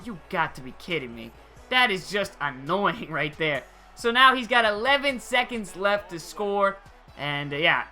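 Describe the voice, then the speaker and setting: A young man giving casual, excitable gameplay commentary over a football video game, using slang and chuckling often. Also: sits high. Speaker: gaming channel host.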